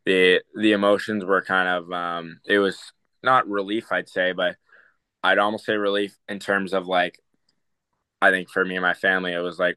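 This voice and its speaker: A man's voice: sits low, level tone, normal speed, pushed and bright, smooth, no echo. A young man, a hockey prospect, answering interview questions casually, with many fillers and restarts. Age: young adult.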